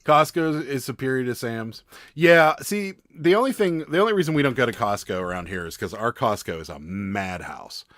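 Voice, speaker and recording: A man's voice: medium pitch, animated, a little fast, fairly bright tone, no room sound, clean studio sound. A man co-hosting a casual live stream, joking and reading viewer comments aloud. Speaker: livestream co-host.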